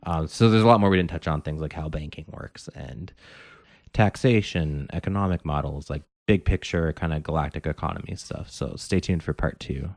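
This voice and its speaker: A man's voice: rumbling low, normal speed, dry recording, studio quality. A man co-hosting a podcast, talking casually and rambling with many filler words. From Canada. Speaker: podcast co-host. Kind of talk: casual chat.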